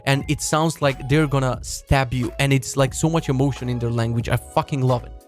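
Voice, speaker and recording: A young man hosting a web development live stream, ranting in a casual, excitable, profane and rambling way. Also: medium pitch, fairly quick, soft background music.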